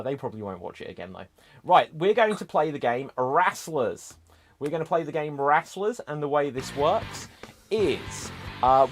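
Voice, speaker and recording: A man hosting an improv comedy show, chatting loosely between games with plenty of fillers and asides. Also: fairly high pitch.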